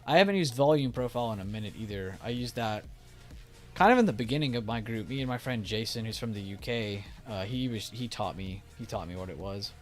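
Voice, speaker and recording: A man's voice: on the low side, animated, a little fast. A young man casually chatting on a stock trading live stream, reading chat and talking loosely with restarts. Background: faint music.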